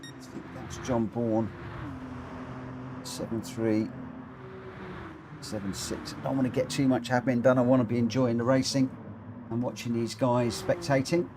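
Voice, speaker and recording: A man hosting and commentating online racing in a chatty, excitable, jokey way over a live stream. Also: medium pitch, a little slow, pauses often. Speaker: race commentator and lobby host. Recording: game audio noise behind.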